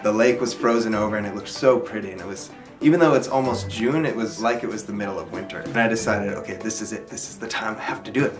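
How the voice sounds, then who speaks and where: A young man telling a personal story to camera in a chatty, earnest and excited way. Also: fairly low pitch, fast talker. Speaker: vlogger. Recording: background music under voice.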